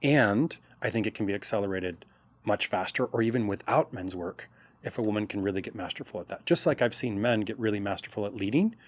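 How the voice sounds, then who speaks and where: A man's voice: on the low side, a little fast. A man speaking as a podcast guest and coach, talking casually and acting out little quoted reactions. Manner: animated, acts out quoted reactions. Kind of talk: casual conversational interview.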